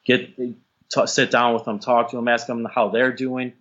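A man's voice: mid-range voice, little pitch movement, normal speed, fairly bright tone, highs cut off. A man speaking as a guest on a podcast, earnest and casual, often repeating words as he thinks.

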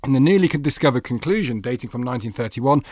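Male podcast host, brisk and upbeat, mid pitch, dry close mic. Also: dry recording. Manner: lively, reads intros then banters. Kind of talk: literary magazine podcast chat.

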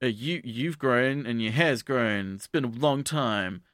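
A man's voice: medium pitch, a little slow, fairly bright tone, dry recording, studio quality, natural voice. A man giving a casual, offhand paraphrase of a grown man in a cartoon while recapping it. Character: grown man reuniting with old friend, casual.

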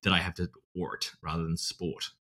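A man's voice: sits low, little pitch movement, normal speed, bright, forceful tone. An Australian man chatting as a podcast guest, rambling and laughing often. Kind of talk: casual chat.

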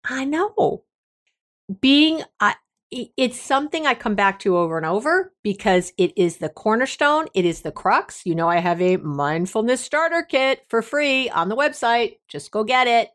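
A woman's voice: fairly high pitch, sing-song, normal speed, a bit bright. A middle-aged woman hosting a self-help podcast, talking in a casual, emphatic and playfully bossy way, laughing often. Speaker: podcast host.

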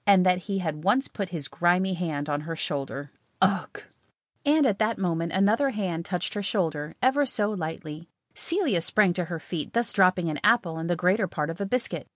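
A woman narrating a story in a measured, expressive way. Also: fairly low pitch, no echo, studio quality.

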